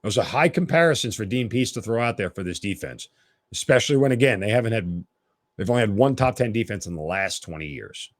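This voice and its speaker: Lively, emphatic man hosting sports talk. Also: fairly low pitch, a little fast, no room sound. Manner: opinionated, emphatic. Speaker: sports podcast host.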